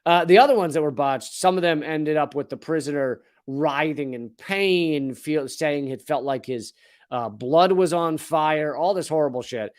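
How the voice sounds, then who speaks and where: The speaker is a forties-aged man, a comedian who hosts political commentary, using a fairly high voice at ordinary speed. Reading through news stories, he riffs with sardonic, profane asides in a comedic political monologue.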